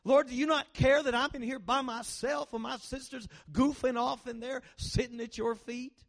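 A man's voice: very high-pitched, steady tone, moderate pace, creaky, voice pushed up, full character voice. A man voicing a frustrated, overworked woman who complains sarcastically and nags. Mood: exasperated sass.

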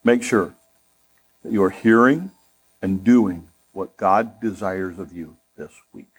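A middle-aged man preaching a sermon in a conversational way, with humorous asides and rising emphasis, turning softer and slower when he prays. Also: slightly rough. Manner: softer, slower and lower in prayer. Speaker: pastor.

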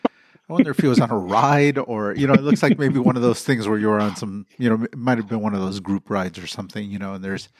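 A man co-hosting a podcast, speaking softly and casually with frequent backchannels. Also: fairly low pitch, fast talker, no room sound. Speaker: podcast co-host. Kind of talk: casual chat.

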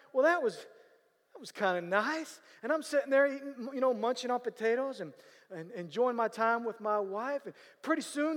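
A man telling a story in sermon style, animated, with sudden loud bursts of emphasis and a habit of asking whether listeners follow him. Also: extremely high pitch. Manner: animated, bursts of loud emphasis, repeats "you know what I'm saying". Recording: long hall reverb.

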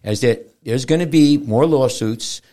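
Animated man hosting a lifeguard chat. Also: medium pitch, measured pace. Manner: animated storyteller, acts out quotes. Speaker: podcast host, lifeguard officer. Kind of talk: casual panel discussion.

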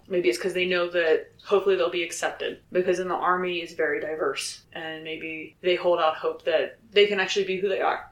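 A man's voice: high voice, fairly bright tone. A young man, a soldier, talking candidly and earnestly about his life, swearing freely and laughing between thoughts. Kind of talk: candid personal vlog. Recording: roomy echo.

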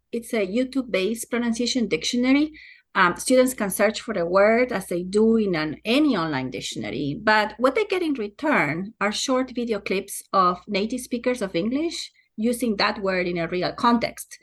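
A woman researcher enthusiastically and fluently explaining a learning tool in an interview. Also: a little high. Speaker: guest, pronunciation researcher. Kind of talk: academic interview answer.

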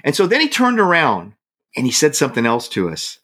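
A man with a fairly high voice and a brisk delivery, from the San Francisco Bay Area, appears as a guest telling a story in casual chat. He acts out what people said, laughing and animated throughout.

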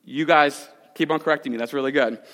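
High-voiced male preacher in echoey hall. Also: fairly even intonation, fast talker, fairly bright tone. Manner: conversational, dramatic swings in pitch and volume. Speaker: pastor. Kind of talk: sermon.

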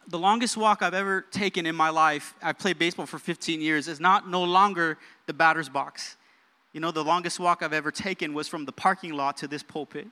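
Energetic young male preacher with a bright, forceful voice, echoing in a reverberant church sanctuary. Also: fairly high pitch. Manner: energetic, calls for amens from the crowd. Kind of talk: sermon.

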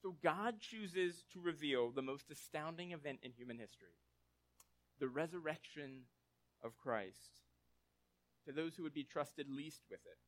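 A man's voice: on the high side, measured pace. A man preaching a sermon in a casual, conversational way, often checking in with listeners and acting out short quotes as he tells the story. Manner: conversational, tag questions like "right?"; animated storytelling with acted quotes. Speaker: pastor.

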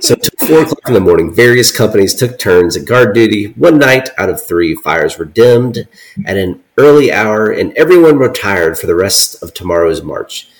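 A man co-hosting a podcast, reading an old account aloud with deadpan asides. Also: fairly low pitch, moderate pace, low-quality recording. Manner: deadpan, reads quotes with dry asides. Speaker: podcast co-host.

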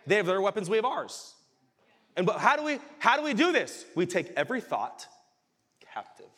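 A male pastor preaching a sermon with animated delivery that rises to shouts. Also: sits high, moderate pace. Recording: reverberant hall.

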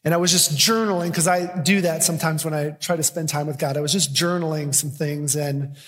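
A man preaching a sermon as pastor, swinging from loud, emphatic declarations to quiet, intimate storytelling. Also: a little high, fairly even intonation, fairly quick, big-room sound.

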